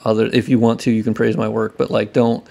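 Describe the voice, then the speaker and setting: A man's voice: on the low side, little pitch movement, fast talker, creaky, mellow. A man talking casually and heatedly to camera as a game modder, ranting loosely and swearing. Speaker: modder and video creator. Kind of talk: casual talking-head commentary.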